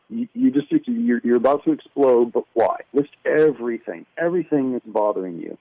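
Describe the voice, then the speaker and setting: A man who wrote a children's workbook, explaining it to a host in a measured, explanatory way. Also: medium pitch, no room sound. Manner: measured, explanatory, many fillers and restarts. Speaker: workbook author, guest. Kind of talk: casual interview talk. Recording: tinny phone line.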